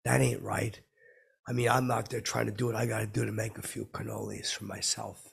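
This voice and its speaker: A man doing a gravelly, rambling clueless hustler. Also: on the low side, little pitch movement, a little fast, full character voice. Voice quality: gravelly, very raspy. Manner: rambling, repeats "I go" constantly. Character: dim, rambling male hustler, self-absorbed and clueless. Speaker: podcast host. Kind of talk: comedic character monologue.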